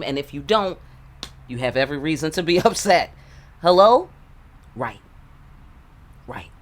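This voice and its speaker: Low-voiced New woman tarot reader, brash and profane, with a no-nonsense advice style. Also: a little hiss or hum. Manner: blunt, profane, streetwise, full of rhetorical asides. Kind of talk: casual channeled reading.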